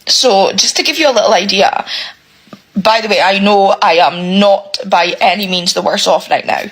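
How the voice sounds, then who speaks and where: A woman's voice: mid-range voice, moderate pace, a bit bright, poor audio. A woman, a single parent, ranting emotionally to camera, close to tears and swearing often. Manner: swears heavily, repeats herself, exasperated. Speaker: single parent sharing her struggles. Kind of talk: emotional personal rant to camera.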